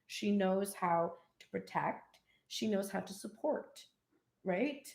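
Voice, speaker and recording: A woman giving a casual live tarot reading, chatty and animated, with frequent laughs and cheeky asides. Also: mid-range voice, slow, vocal fry, echoey room. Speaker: tarot reader.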